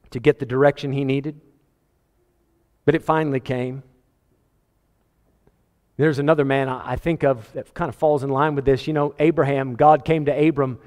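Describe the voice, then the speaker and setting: A man preaching a sermon as pastor, animated, quoting scripture and acting out voices with a chuckle now and then. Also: fairly high pitch, normal speed, pauses often, in a large hall. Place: church sanctuary.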